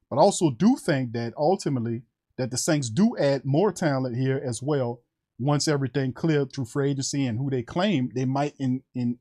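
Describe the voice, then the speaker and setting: A man hosting a casual sports talk show, animated and conversational, speaking to fans as family. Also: mid-range voice.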